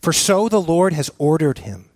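A male pastor delivers a sermon in an earnest, halting way, circling back with fillers and restarts as he works toward his point. His voice sits a little higher than most men's. The recording is dry and close, with almost no room sound. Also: very animated, a little mellow, no echo.

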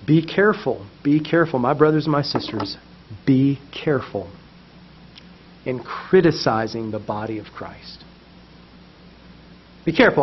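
Male pastor, fairly high voice, impassioned repetitive preaching, dull lo-fi recording in a church basement. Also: expressive, normal speed, slightly rough. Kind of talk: sermon. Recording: muffled lo-fi sound.

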